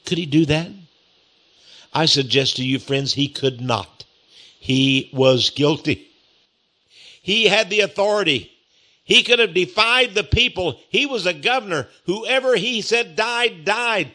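A man's voice: high-pitched, measured pace, sharp tone. A man preaching a sermon, telling the story with rhetorical questions to his listeners.

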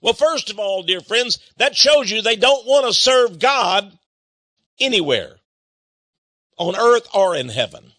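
Booming, wide-ranging male preacher. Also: sing-song, a little slow, no echo, clean studio sound. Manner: impassioned, swings from booming shouts to low asides; stumbles and repeats words. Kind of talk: fiery sermon.

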